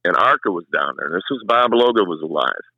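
A man's voice: low-pitched, fairly quick, dry recording, muffled recording. A middle-aged man, a longtime race track announcer, telling stories in a casual chat and acting out what people said. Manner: animated storyteller, acts out quotes.

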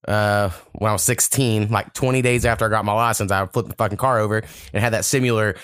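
A man's voice: lowish voice, steady tone, fast talker, a bit bright, clear, resonant tone, no room sound, studio quality. A young man, hosting a casual podcast and telling long, profane, rambling stories. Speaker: podcast host.

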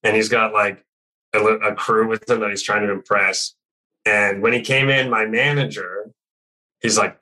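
A man's voice: fairly low pitch, fairly even intonation, normal speed, pushed and bright, rough recording. A man in casual chat telling a long story, rambling with many fillers and swearing freely. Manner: rambling, heavy on "like", swears a lot.

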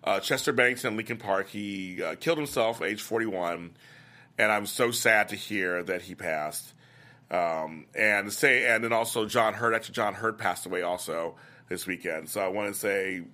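An older man hosting a soap opera after-show, recapping episodes in casual, animated chat and acting out characters' lines. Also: fairly low pitch. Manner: chatty, animated, laughs often, acts out lines. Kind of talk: casual recap chat reading viewer comments.

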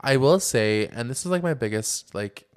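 A young man co-hosting a podcast, animated and sassy in casual chat, filling with "like". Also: mid-range voice, normal speed, smooth. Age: young adult. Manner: animated, sassy, many "like" fillers. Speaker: podcast co-host.

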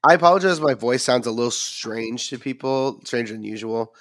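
A man co-hosting a film podcast, his voice a bit raspy and tired from a cold, rambling with lots of ums and restarts. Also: medium pitch, a little fast. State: recovering from a cold. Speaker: podcast co-host. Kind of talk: casual chat.

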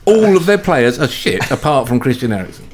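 A man's voice: mid-range voice, very animated, brisk, a little hiss or hum. A man hosting a casual football chat, opinionated and mocking.

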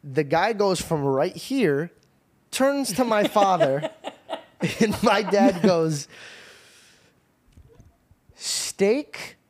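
A young man hosting a podcast, telling a story in lively casual chat, often laughing and restarting sentences. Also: high-pitched, slow pace. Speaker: podcast host.

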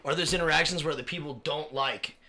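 A podcast co-host with a fairly high, bright, forceful voice talks a little fast. He's telling stories in a casual chat, full of swearing and laughter.

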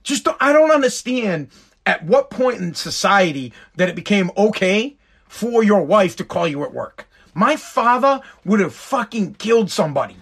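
A man's voice: high voice, sing-song, moderate pace, gravelly, a bit bright, breathy edge. A man telling an exasperated, profane stand-up story. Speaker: stand-up comedian.

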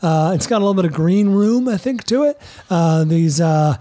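A man's voice: high-pitched, lively intonation, normal speed, mellow. A man co-hosting a film podcast, casual and dry, teasing his partner. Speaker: podcast co-host, film reviewer. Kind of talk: casual chat.

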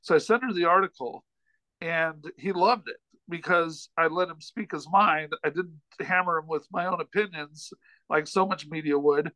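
High, bright-voiced man telling a rambling story. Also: normal speed, dry recording, low-quality recording. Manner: rambling, animated anecdote with frequent restarts. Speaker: podcast guest, comedian and author. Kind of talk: casual storytelling in a chat.

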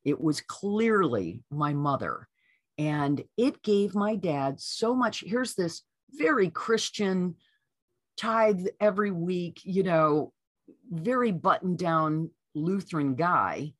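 A woman being interviewed as an author, telling a personal story in a lively way and acting out what people said. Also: fairly low pitch, takes it slowly, no room sound, clean studio sound. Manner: lively storyteller who acts out quoted voices. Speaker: author guest.

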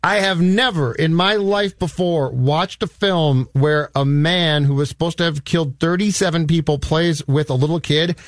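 A man co-hosting a podcast, chatting casually about a film and retelling its scenes with animated disbelief. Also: a little high, moderate pace, few pauses, no echo, clean studio sound. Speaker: podcast co-host.

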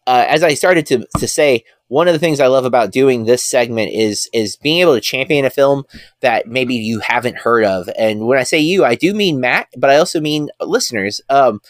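A man's voice: mid-range voice, dry recording, studio quality. A man co-hosting a podcast in casual chat, rambling with lots of fillers and enthusiastic about films. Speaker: podcast co-host.

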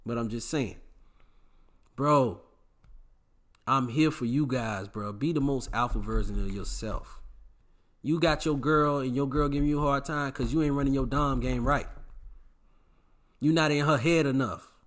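A man's voice: mid-range voice, measured pace, long pauses. A man giving dating advice to the camera in an emphatic, preachy, repetitive way, full of slang. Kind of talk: casual advice monologue to camera.

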